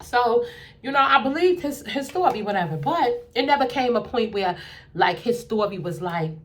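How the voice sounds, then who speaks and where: A woman with a fairly high voice, telling a personal story in a lively, casual way. She acts out what everyone said and keeps checking that the listener is following. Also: normal speed. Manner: animated, acts out both sides of conversations. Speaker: storyteller vlogger.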